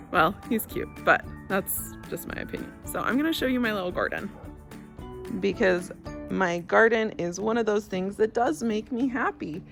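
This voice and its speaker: A woman teacher recording a gentle, reassuring video message for her class while outdoors in her garden. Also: medium pitch. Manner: gentle, reassuring, speaks straight to children. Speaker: fourth grade teacher.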